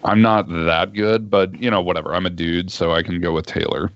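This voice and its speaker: A man's voice: low voice, steady tone, fairly quick, dry recording, lo-fi sound. A man chatting casually as a guest on a livestream, joking and self-deprecating. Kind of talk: casual chat.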